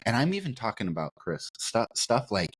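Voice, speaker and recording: A man's voice: mid-range voice, very animated, a little fast, breathy edge. A man co-hosting a podcast, talking in a rambling, candid way and often restarting his sentences. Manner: rambling, many restarts, candid and self-reflective. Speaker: podcast co-host. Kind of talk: casual conversation.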